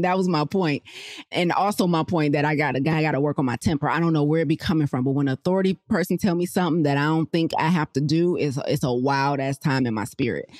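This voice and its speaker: A woman hosting a podcast, chatting casually about health and telling animated personal stories straight to her listeners. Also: deep voice, no room sound, studio quality. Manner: chatty, animated storyteller who laughs often; addresses listeners directly in slangy speech. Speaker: podcast host.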